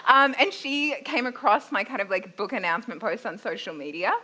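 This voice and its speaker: A woman author answering audience questions at a live book launch, laughing often as she tells stories with excitement. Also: mid-range voice, fairly quick. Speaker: author and guest speaker. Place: library event room before a live audience.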